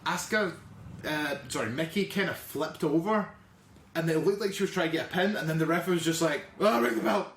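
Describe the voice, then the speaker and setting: This man's voice is fairly high and fairly bright, and he talks a little fast. As host of a casual podcast chat, he retells stories in a rambling way, swears freely and performs the quotes. Faint noise sits under a roomy sound.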